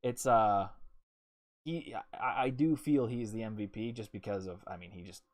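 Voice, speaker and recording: A man's voice: on the low side, moderate pace. A man co-hosting a casual sports talk show, hesitant and opinionated, with many fillers. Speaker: podcast co-host.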